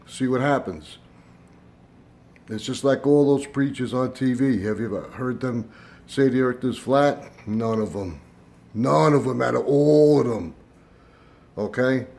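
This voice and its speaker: An older man hosting his own channel, telling a long story in a casual, meandering monologue full of fillers and retold dialogue. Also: mid-range voice. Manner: meandering storytelling with fillers, voice rising into animated retelling. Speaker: YouTube channel host. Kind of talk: casual rambling monologue to camera.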